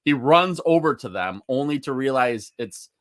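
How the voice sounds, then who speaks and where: A man's voice: medium pitch, animated, normal speed, no echo, clean studio sound. A man hosting a podcast in casual chat, reading viewer comments aloud and joking.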